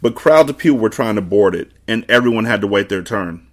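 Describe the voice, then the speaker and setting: A man's voice: fairly low pitch, animated, fairly quick. A man hosting a podcast, reading a novel aloud and dropping laid-back, conversational asides. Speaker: podcast host.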